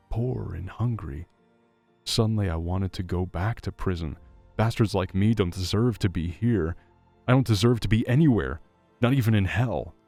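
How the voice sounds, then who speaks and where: A man's voice: on the low side, darkish tone, no room sound. A man voicing a remorseful ex-convict father who speaks in an anguished, self-reproaching way, in a story reading.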